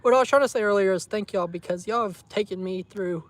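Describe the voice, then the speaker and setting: Guy vlogging, high voice, teasing and emotional, lots of y'all. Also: fast talker, dry recording. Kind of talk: casual chat to viewers.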